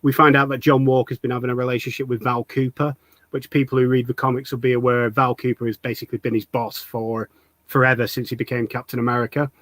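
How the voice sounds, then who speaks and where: A man's voice: medium pitch, level tone, quick pace, a bit bright, no echo. A man from the UK hosting a casual fan interview, explaining his views in an earnest, thorough way. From United Kingdom. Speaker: host.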